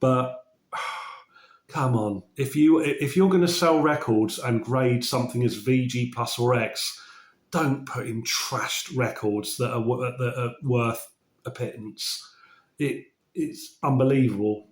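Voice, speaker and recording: A man from England chatting casually about records he collected, his voice slightly croaky after a cold, enthusiastic and often correcting himself mid-sentence. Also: medium pitch, unhurried. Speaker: vinyl collecting vlogger. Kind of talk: casual chat. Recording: roomy echo.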